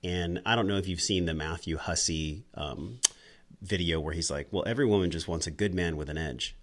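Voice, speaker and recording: A man's voice: low-pitched, a little fast. A man hosting a podcast, reflecting thoughtfully in casual interview chat. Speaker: podcast host.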